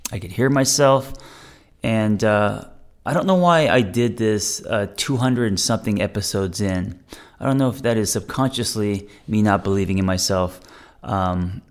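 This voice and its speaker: A man hosting his own podcast as a therapist, talking in a relaxed, rambling, candid way with some self-deprecation, recorded in a home podcast room on a studio mic. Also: lowish voice, normal speed. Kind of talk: casual self-help monologue. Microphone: studio microphone with mixer.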